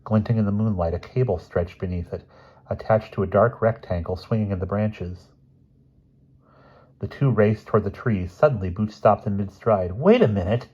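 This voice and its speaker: A man reading a children's novel aloud in steady, plain storytelling. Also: on the low side, normal speed, slightly rough. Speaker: reader. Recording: dull lo-fi recording.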